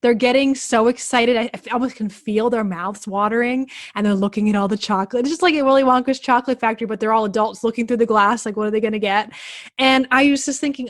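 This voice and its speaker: A woman with a South Central Pennsylvania accent hosting a casual podcast chat, animated and playful as she tells stories. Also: fairly high pitch, fast, no echo, clean studio sound. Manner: chatty, animated, playful storyteller. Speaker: podcast host.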